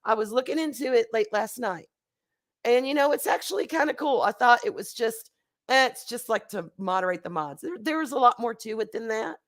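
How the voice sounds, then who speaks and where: A woman hosting a casual livestream, hoarse and congested from a recent flu, chatty and laughing as she greets her chat. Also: fairly high pitch, animated, brisk. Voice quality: nasal, congested. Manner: chatty, laughing, swings between loud bursts and quiet asides. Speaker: livestream host. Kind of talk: casual chat reading live chat.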